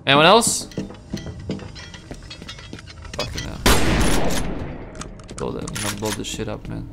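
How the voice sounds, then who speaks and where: A man's voice: on the low side, monotone, normal speed, creaky. A young man giving profane, rambling, mock-angry commentary while playing a video game. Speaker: gaming streamer. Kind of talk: let's play commentary. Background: game music and gunfire.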